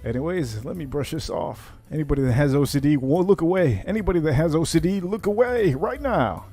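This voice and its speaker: A man hosting a whiskey cocktail livestream, chatting casually and rambling with animated asides. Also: on the high side, quick pace, faint music behind.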